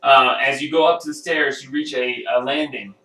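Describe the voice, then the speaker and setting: Halting game master, bright and roomy. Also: male voice, mid-range voice, fairly even intonation. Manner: halting, lots of ums and uhs. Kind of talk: narrating a tabletop game. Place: home room. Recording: roomy sound from a distant mic.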